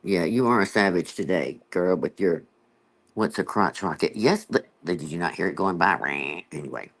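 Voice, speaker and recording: A male host chatting casually with a caller, friendly, and often clearing his throat. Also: low-pitched, normal speed, a bit bright. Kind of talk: casual chat.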